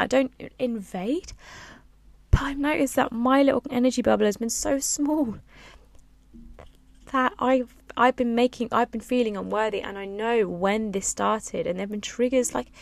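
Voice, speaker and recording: Woman podcasting right up on the mic, low and a bit raspy, gravelly fry, dry sound. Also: no echo. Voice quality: a little raspy; low and resonant. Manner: soft-spoken, close to the mic. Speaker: podcast host. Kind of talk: reflective solo podcast. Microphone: close-up studio mic with pop filter.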